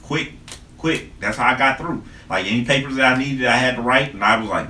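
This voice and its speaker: A man hosting a podcast in casual chat, telling animated stories with lots of swearing. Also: medium pitch, fairly quick, slight background noise. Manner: animated storytelling, heavy swearing. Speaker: podcast host. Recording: echoey room mic from a distance.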